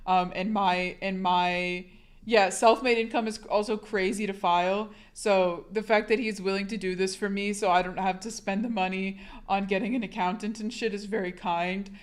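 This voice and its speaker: A young woman streamer with a hoarse, husky sick voice, rambling casually to her chat and swearing a lot. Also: mid-range voice, fairly even intonation, moderate pace.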